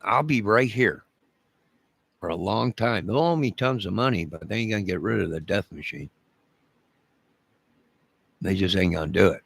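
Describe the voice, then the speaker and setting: A man's voice: low voice, expressive, moderate pace, gravelly, long pauses, slightly rough, no echo. A man from Chicago in a rambling direct-to-camera rant, menacing and repetitive, leaning hard on his words for emphasis.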